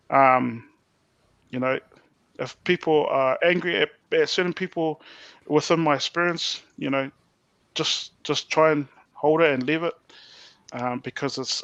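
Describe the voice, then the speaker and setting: A young man with a New Zealand accent, a podcast guest sharing his testimony in a soft, halting way with many fillers. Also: on the high side, no echo, dull audio. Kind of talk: personal testimony.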